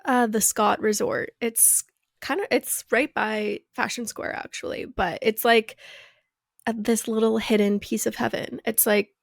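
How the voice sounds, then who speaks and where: Young woman, raised pitch, fry in the voice, chatty co-host, dry close sound. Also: steady tone, unhurried, no room sound. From Arizona, US. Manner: chatty storyteller, lots of "like" fillers. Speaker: podcast co-host. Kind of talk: casual chat.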